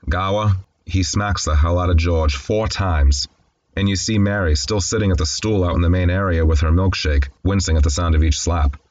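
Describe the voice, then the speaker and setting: A man's voice: deep voice, normal speed, darkish tone, highs cut off, slight background noise. A man casually recapping a classic film, candid and conversational with wry asides. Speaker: film commentator.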